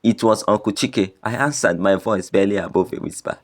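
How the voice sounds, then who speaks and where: A man with a very deep voice tells a first-person tragedy as scripted narration. His delivery stays grave and sorrowful throughout. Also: brisk, few pauses. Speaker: storyteller.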